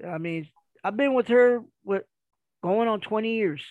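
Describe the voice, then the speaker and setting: A middle-aged man, a retired performer, telling stories in a casual, animated way and acting out other people's voices. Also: high-pitched, a little slow, no room sound, dull audio.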